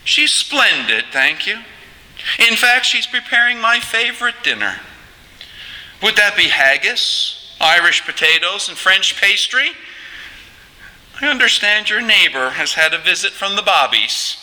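A man putting on the voices of two prim, overly polite upper-class British gentlemen with a British accent. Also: high voice, very animated, a little slow, big-room sound, pitched above the performer's own voice, heavily acted, low-quality recording. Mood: genteel. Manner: overly proper, genteel phrasing.

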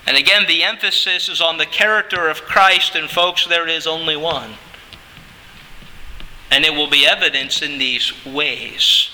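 A male pastor preaching slowly and deliberately, drawing out key words and swinging his pitch sharply up and down. His voice is high and very bright, and it rings with the long reverb of a hall. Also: steady tone. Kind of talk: sermon.

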